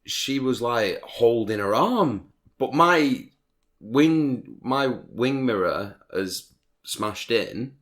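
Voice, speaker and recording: A man's voice: medium pitch, expressive, extremely slow, a bit bright. A man, hosting a podcast, telling a long rambling story in casual chat with lots of swearing. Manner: rambling storytelling, heavy swearing, frequent laughs. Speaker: podcast host.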